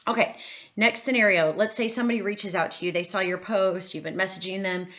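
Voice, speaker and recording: A woman's voice: mid-range voice, steady tone, fairly quick, a bit bright. Chatty upbeat woman, lo-fi sound. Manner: chatty, upbeat, lots of fillers and "like". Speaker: network marketing trainer. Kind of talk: casual training talk. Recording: slightly dull lo-fi audio.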